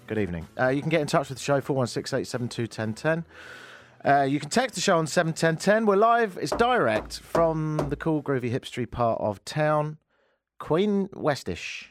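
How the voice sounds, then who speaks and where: A man's voice: a little high, lively intonation, moderate pace, faint music behind. A man hosting a live talk radio show, telling a comic story with self-mocking jokes. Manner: jokey, self-mocking storytelling, jumps between loud and hushed. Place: radio studio.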